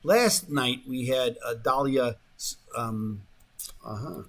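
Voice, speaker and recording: A man's voice: medium pitch, lively intonation, slow pace, a bit bright. A man hosting a talk radio show, rambling in a casual monologue full of fillers and restarts, sometimes mocking the voices of the people he quotes, in a radio studio.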